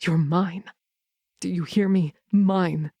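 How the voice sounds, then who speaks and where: A woman takes it slowly as she voices an earnest, steady young male werewolf character for an audiobook, lowering her voice a little to play him as protective and blunt. There is no echo.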